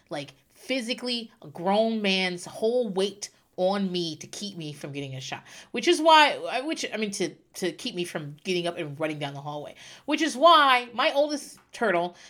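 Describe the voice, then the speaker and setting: A woman's voice: mid-range voice, a bit bright. Chatty woman podcast host telling a story. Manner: chatty, tearful-then-laughing storyteller with frequent fillers. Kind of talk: casual personal storytelling.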